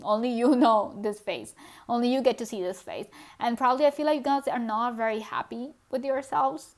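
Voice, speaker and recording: A woman's voice: a little high, fairly quick. Chatty woman doing a tarot reading. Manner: chatty, addresses the viewer directly, lots of "you know" and soft laughs. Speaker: tarot card reader. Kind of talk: casual pick-a-card tarot reading.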